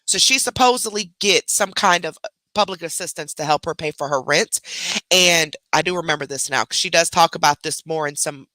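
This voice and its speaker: A host reacting to videos in a casual, chatty way, using slang aimed at viewers. The voice is bright and forceful, recorded dry and close with no room sound. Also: medium pitch, fairly quick, dry recording. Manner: casual slang, laughs openly, talks to viewers. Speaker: reaction commentator. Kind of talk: casual commentary on played videos.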